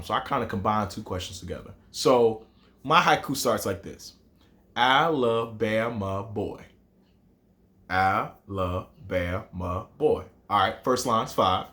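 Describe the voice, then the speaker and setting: A young man with a Southern accent, hosting a lively hip hop writing lesson and talking straight to his students. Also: medium pitch. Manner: animated, rhythmic, addresses viewers directly. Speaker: teacher, host of the show.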